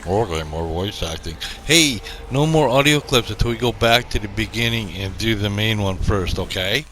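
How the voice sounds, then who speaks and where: A man's voice: fairly low pitch, normal speed, pushed and bright, slight background noise. Jokey man rambling over gameplay. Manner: rambling and jokey, laughs often. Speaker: gameplay commentator. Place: small home studio. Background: background music.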